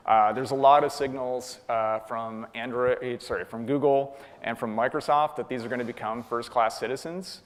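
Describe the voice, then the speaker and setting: A man's voice: medium pitch, steady tone, normal speed, few pauses. Canadian man with hall reverb. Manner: casual, chatty, frequent ums and uhs. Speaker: conference speaker. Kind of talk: answering audience questions at a tech talk. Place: conference hall.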